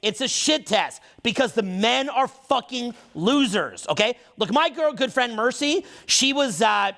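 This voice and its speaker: This man's very high-pitched voice is gravelly yet bright, forceful in tone, with lively intonation. He's a social skills coach ranting without a script, swearing emphatically and talking fast as he gets on a roll and accelerates.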